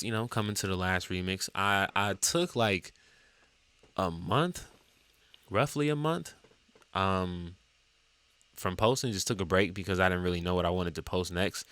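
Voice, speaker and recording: A man musician talking casually to camera about his songs, rambling with many fillers and sudden jumps up in pitch. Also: sharp tone, clear, resonant tone, no echo. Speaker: musician and TikTok creator.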